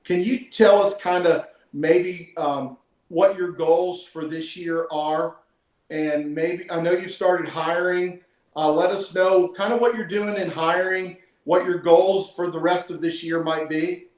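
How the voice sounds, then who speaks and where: A man's voice: sits high, fairly even intonation, measured pace, a little mellow, echoey room, rough recording. A man hosting a team call, talking in an emotional, earnest way and praising his guest. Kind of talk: heartfelt conversational interview. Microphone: call audio.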